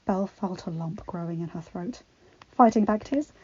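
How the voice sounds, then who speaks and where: A woman narrating a fan-fiction story in a steady, expressive reading. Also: lowish voice, moderate pace, breathy edge. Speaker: audiobook reader. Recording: dull lo-fi recording with faint music.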